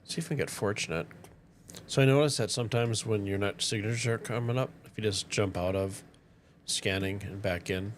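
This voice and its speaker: A lowish-voiced man talks briskly, with a little hiss or hum in the audio. Hailing from northern Minnesota and carrying its accent, he chats casually and relaxedly with viewers as he plays a game on a live-stream from a tiny home.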